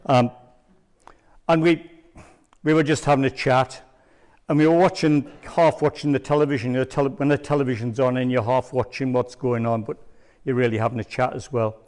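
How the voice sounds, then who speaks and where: Brief: older male church speaker, mid pitch, meandering anecdotal sermon. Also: steady tone, a little fast, darkish tone. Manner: rambling, hesitant storyteller with many ums. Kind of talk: sermon testimony.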